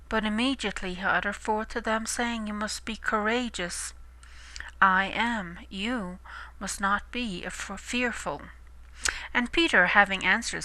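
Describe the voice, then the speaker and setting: A woman reading and explaining a Bible passage, slow and emphatic, restating words with alternate glosses. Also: medium pitch, sharp tone, no echo, poor audio. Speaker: Bible teacher.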